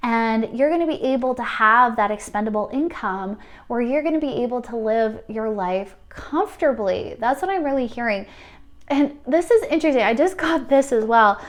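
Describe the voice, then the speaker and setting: High-voiced gushing woman reading tarot. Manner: gushing, excitable, exclaims often; soothing, reassuring addresses to the listener. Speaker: tarot card reader. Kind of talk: pick-a-card oracle reading.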